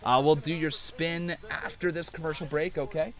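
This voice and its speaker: Hosting a live reaction stream, a man chats casually while reading out viewer donations and questions. His voice is a little high, steady in tone, at a moderate pace.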